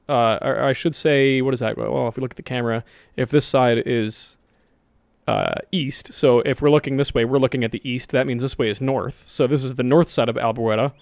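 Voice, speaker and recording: A man's voice: medium pitch, creaky, darkish tone, no room sound, studio quality. A man giving casual, rambling commentary over a strategy game, correcting himself often and dropping jokey asides. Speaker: gaming video host.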